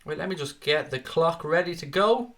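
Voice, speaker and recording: A man's voice: fairly high pitch, lively intonation, normal speed, fairly bright tone. A young man hosting a live football watchalong, chatting casually and matily as he reads out viewer comments. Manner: chatty and matey, often calls viewers "mate". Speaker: fan watchalong host.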